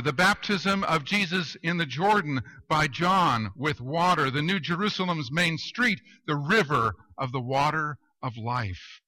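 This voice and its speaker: A male pastor preaching a sermon, telling stories with deadpan humor and asking rhetorical questions. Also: on the high side, low-quality recording.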